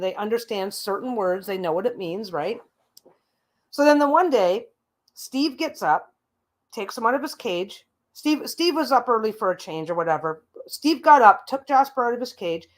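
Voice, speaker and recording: A woman hosting her own show, telling a long casual story with lots of asides, restarts and the odd swear word. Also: fairly bright tone. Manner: chatty, rambling, frequent asides and restarts; mimics a parrot's calls in a higher squawky voice. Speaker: host.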